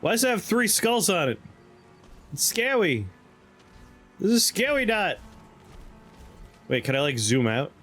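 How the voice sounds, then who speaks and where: A man's voice: high voice, sing-song, a little slow, pauses often, fairly bright tone. A man casually commenting as he plays a video game, joking around and sometimes breaking into silly voices. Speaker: streamer playing a game. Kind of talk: casual let's-play commentary. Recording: with game music behind.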